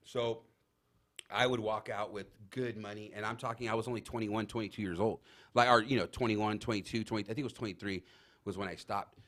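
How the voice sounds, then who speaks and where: A man telling rambling, animated anecdotes in casual chat as a talk show guest, full of fillers. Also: lowish voice, brisk. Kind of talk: casual storytelling.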